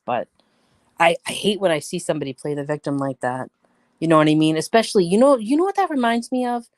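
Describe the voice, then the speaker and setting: Brief: woman streamer, blunt and profane, chatty storyteller, lowish voice. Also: no echo. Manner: blunt, swears freely, venting; chatty storyteller, talks to viewers. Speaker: livestream host. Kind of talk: casual live-stream chat.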